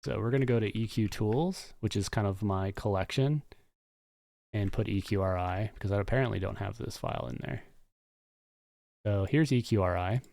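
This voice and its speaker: Low, gravelly man thinking aloud. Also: normal speed, darkish tone, dry recording, studio quality. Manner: casual, muttering asides and fillers. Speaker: streamer and game developer. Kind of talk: live coding stream, thinking aloud.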